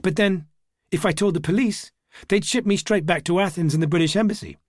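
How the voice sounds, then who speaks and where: A man reading a first-person story aloud as an audiobook, in a measured, wry and reflective manner. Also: sits high, dry recording, studio quality. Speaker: audiobook narrator.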